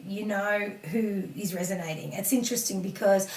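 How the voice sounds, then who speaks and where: A woman coach talking casually on a podcast, animated, laughing often and swearing offhand. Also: mid-range voice, normal speed, echoey room, far from the mic. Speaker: spiritual empowerment coach, guest.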